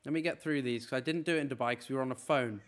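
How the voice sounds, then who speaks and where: A young man streaming from a room, chatting casually and rattling off a long list of names. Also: medium pitch. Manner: rattling off names in a quick run. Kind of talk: casual live-stream chat. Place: apartment room.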